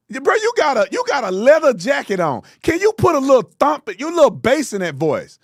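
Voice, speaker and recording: Man, political commentary host, high voice, animated, dry close sound. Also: no echo. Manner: animated, mocking, loud outbursts.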